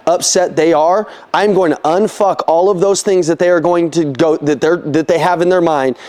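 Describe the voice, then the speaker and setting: A man coaching a sales team in a lively, profane talk, acting out conversations with customers. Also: sits high. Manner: animated, profane, acts out customer dialogue. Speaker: sales trainer. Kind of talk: live sales training talk.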